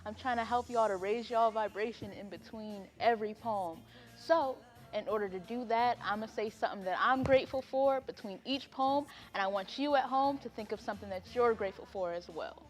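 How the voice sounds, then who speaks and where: A woman's voice: fairly high pitch, a little fast, big-room sound, soft background music. A woman hosting an online poetry event in a chatty, casual way, with laughing asides and fillers. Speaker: host. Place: home, on a video call.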